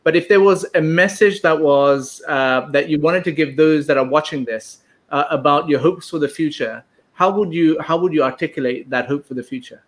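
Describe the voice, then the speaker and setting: A man hosts a live-streamed interview, posing calm, measured questions and politely thanking his guest. His voice sits a little higher than usual.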